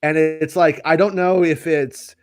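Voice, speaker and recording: A man co-hosting a casual podcast chat, speaking in a slightly higher voice. He rants with exasperation and swears freely. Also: fairly even intonation, measured pace. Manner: profane, exasperated ranting. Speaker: podcast co-host.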